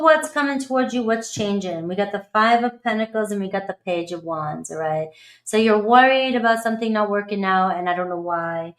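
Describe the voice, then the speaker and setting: A middle-aged woman giving a casual, blunt tarot reading, chatty and swearing freely. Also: mid-range voice. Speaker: tarot reader.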